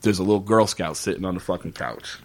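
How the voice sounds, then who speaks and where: A man's voice: low-pitched, quick pace. A man hosting a casual podcast, animatedly retelling a TV episode, swearing freely and acting out the characters' lines. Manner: animated and profane, acting out quotes.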